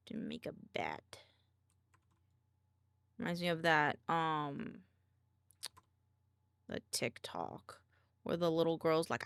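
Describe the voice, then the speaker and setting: A woman's voice: low-pitched, sing-song, slow pace, creaky, long pauses, fairly bright tone, clean tone, no room sound, studio quality. A woman streamer chatting casually while she draws, murmuring half to herself and making little sound effects.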